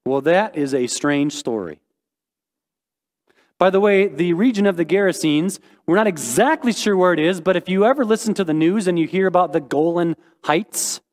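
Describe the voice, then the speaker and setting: A man preaching a sermon as a pastor, animated and joking, with sudden high exclamations. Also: big-room sound.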